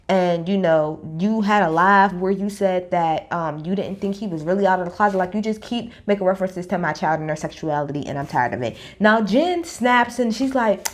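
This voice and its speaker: A woman recapping a reality TV episode in a blunt, profane, animated storytelling style. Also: lowish voice, fairly quick. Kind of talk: casual opinionated recap.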